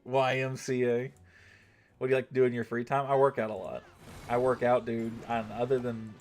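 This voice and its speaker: A man hosting a gaming stream and chatting casually with his viewers in a middle-pitched voice. He rambles, curses easily and keeps tagging his points with "right?". Faint music plays under him. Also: steady tone, quick pace, a little mellow. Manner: loose, rambling, swears freely and keeps asking "right?". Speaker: gaming livestream host. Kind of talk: casual chat with a live audience.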